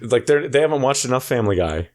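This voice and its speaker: A man's voice: medium pitch, lively intonation, fast, a little mellow. A young man co-hosting a podcast, chatting loosely with lots of swearing and joking asides. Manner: loose, profane, jokey with bursts of silly impressions. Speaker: podcast co-host. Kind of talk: casual chat.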